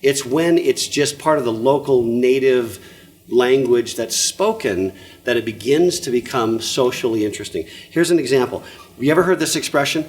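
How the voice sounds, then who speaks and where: Older guy giving a talk, jokey and animated, checks in with the crowd a lot. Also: mid-range voice, brisk. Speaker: presenter. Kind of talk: lively conference talk.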